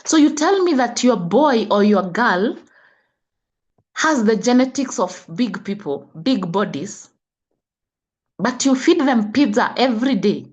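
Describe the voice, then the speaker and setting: This is a middle-aged woman with a Kenyan accent, speaking as a health coach. She lectures parents in a preachy, scolding way and fires off rhetorical questions. Her voice sits a little high and leaps around with lively, animated pitch. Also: unhurried, lo-fi sound. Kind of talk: impassioned talk.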